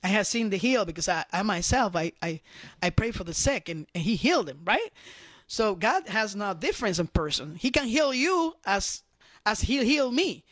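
A middle-aged man, a guest on a faith program, telling his personal testimony with animated, repetitive storytelling. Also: sits high, moderate pace, no echo.

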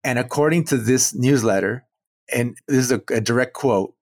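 A man tells a long story as an interview guest, animated and amused, acting out what others said to him. His voice sits at an ordinary pitch for a man, and the recording is dry with no room sound. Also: moderate pace, dry recording. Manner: animated, acts out quoted dialogue, chuckles between points. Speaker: muralist guest.

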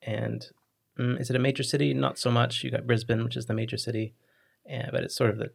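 A man hosts a relaxed conversational interview, his mid-range voice gravelly and creaky. He talks in a hesitant way, working through his questions with pauses and restarts. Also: mid-range voice. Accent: non-Australian. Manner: hesitant, many fillers and restarts. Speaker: host.

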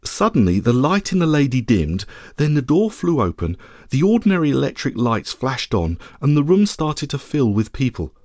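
Male podcast storyteller, expressive and measured, lively melody. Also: mid-range voice, no echo, studio quality. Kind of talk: scripted audiobook narration.

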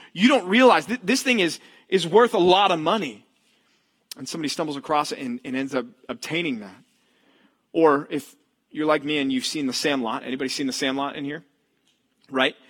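A young adult male pastor preaching a sermon in a church, telling stories in an animated way and acting out the lines of the people in them. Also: on the high side. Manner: animated storytelling, acts out characters' lines.

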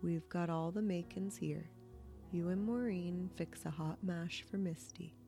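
A woman reading the lines of a gruff but kindly old grandfather in a slow, soft folksy drawl. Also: fairly low pitch, fairly even intonation, faint music behind.

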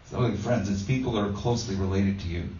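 A man's voice: fairly low pitch, fast talker, dark tone. A man preaching a conversational sermon, telling a homey story with many ums and restarts. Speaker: pastor. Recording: roomy distant dull sound.

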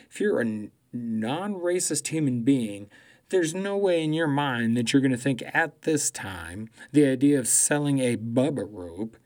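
Profane ranting man comedian. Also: medium pitch. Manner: swears constantly, loud and mocking, laughs at own jokes. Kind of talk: profane comedic political rant.

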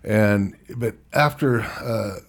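A middle-aged man, an interview guest, frankly telling a personal story in a halting way, with wry chuckles. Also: lowish voice, gravelly, breathy edge. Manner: frank, halting, chuckles wryly through hard memories.

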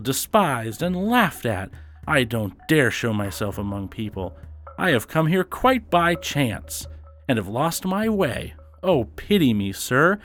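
A man's voice: medium pitch, voice pushed up. A man voicing a pitiful tiny bearded mannikin who howls, moans and pleads for mercy. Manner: howling, moaning, pleading.

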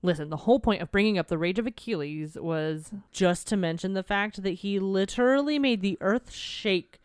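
Smooth-voiced young woman in emotional book chat. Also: mid-range voice, moderate pace, no room sound, studio quality. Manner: expressive, emotional, trails off. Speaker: podcast co-host.

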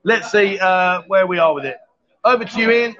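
A fairly high-voiced man hosts a joking live stream, teasing guests and reading out comments. He talks from a busy bar on a muffled lo-fi mic. A loud crowd chatters behind him. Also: moderate pace. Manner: jokey, teasing, reads out viewer comments. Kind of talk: casual live-stream chat.

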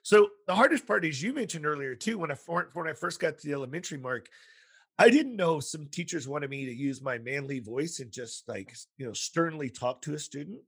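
A man's voice: fairly high pitch, brisk, creaky, slightly rough. A man hosting a podcast, chatting casually with a guest and telling stories full of acted-out quotes. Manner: animated storytelling with quoted voices. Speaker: podcast host, school counselor.

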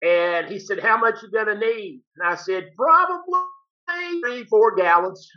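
A man's voice: sits high, steady tone, moderate pace. An older man, a retired teacher, telling a story in a folksy, plain-spoken way and acting out both sides of each exchange. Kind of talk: casual storytelling. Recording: dull lo-fi recording.

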